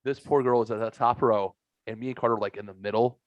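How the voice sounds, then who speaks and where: A man in his forties hosting a podcast, telling a story in a casual, animated way with some swearing and acted-out lines. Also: medium pitch, quick pace, dry recording. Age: 40s. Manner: animated, swearing, acts out other people's lines. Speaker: podcast host.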